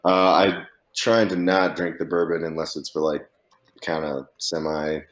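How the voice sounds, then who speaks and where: A man's voice: deep voice, flat delivery, measured pace, echoey room. A man in his twenties hosting a casual podcast chat, rambling with lots of fillers and swearing. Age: 20s. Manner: rambling, heavy use of "like" and swearing. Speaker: podcast host.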